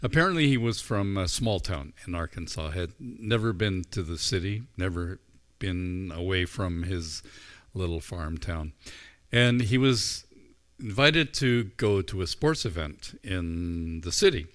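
A man delivers a morning sermon, his voice sitting a little low. He talks in an unhurried, informal way and leads into his message through personal anecdotes. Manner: relaxed storytelling, unhurried and informal. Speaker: preacher.

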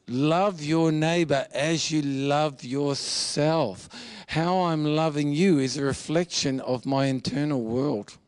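A man's voice: medium pitch, a little mellow, no room sound. A man preaching a sermon in an earnest, confessional way, with humor and repeated phrases. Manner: earnest, confessional, mixes jokes and repetition.

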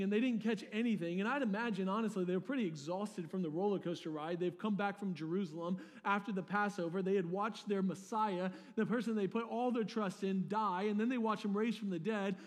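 A pastor preaching a sermon in a casual, conversational way, with slangy asides and words he often repeats. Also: sits high. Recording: long reverb of a large hall.

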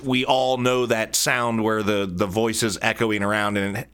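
A podcast host with a lowish, clear, resonant voice speaks flatly at a measured pace, with few pauses and a fairly bright tone. He delivers a casual solo monologue from his home studio office into a stand-mounted studio mic, full of jokey, rambling asides.

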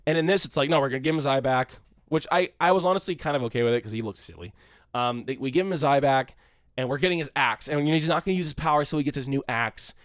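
In studio-quality audio with no echo, a podcast co-host with a voice on the high side talks fast and casually about a movie. He rambles and swears, mocking scenes by quoting them in this casual review chat.

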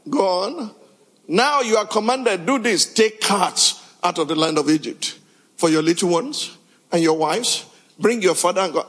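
A man's voice: sits high, lively intonation, normal speed, fairly bright tone, slightly rough, in a large hall, low-quality recording. A pastor preaching a sermon, reading scripture aloud and questioning his congregation.

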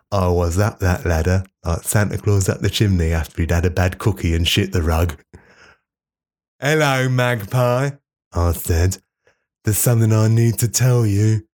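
A man's voice: fairly low pitch, a little mellow, voice pushed down, natural voice. A man doing a comic impression of a smug, self-important politician, reading out a childhood diary in a pompous, mock-earnest way. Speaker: comedy podcast host.

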